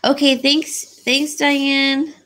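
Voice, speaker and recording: A tired woman chatting slowly on a home live stream, selling jewelry and yawning between deals. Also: sits high, flat delivery, a bit bright. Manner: slow, sleepy, chatty, laughs often. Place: home, by a small decorated tree.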